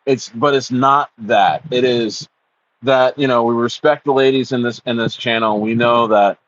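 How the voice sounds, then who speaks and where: A man's voice: mid-range voice, steady tone, moderate pace, fairly bright tone, no room sound. Rambling man with a dull lo-fi sound. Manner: rambling, stammering restarts, acts out voices in quotes. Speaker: crypto livestream host. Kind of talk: casual livestream chat reading comments.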